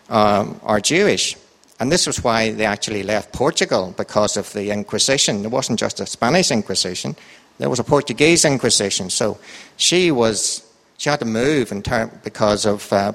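Speaking at a medium, slightly bright pitch, a man from Ireland leads a church group through a relaxed Bible talk that includes a quiz. He jokes and chats in a lilting rise-and-fall rhythm, and the hall around him adds a long reverb.

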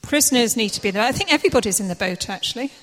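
A woman's voice: fairly high pitch, lively intonation, rapid-fire, fairly bright tone. A woman narrating a live church play and directing the cast as she goes. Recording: echoey hall with faint noise.

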